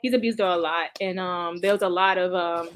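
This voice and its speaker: A woman's voice: lowish voice, steady tone, fairly quick, noisy background. Female vlogger, casual to-camera recap, emotional, sighs a lot. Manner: emotional, sighing, talks straight to viewers. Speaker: vlogger recounting past events. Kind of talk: casual reaction commentary.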